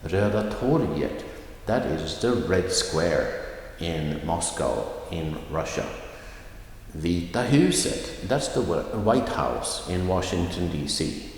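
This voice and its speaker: A man teaching a recorded pronunciation lesson, speaking slowly and carefully and repeating example phrases. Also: low voice, very animated, slight background noise. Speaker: language teacher. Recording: echoey room with long reverb.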